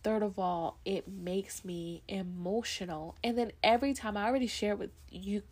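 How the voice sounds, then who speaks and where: A woman's voice: medium pitch, normal speed, a little mellow, breathy edge. A young woman rambles through her own podcast in a loose, reflective flow, circling back on her thoughts and leaning on fillers. Her voice sits in a middle range for a woman. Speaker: podcast host. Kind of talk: casual solo podcast chat.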